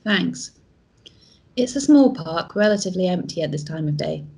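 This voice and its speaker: A woman hosting a let's play, reading a text game aloud with measured, dramatic narration. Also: on the low side, animated, vocal fry, a little mellow, slightly rough. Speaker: host.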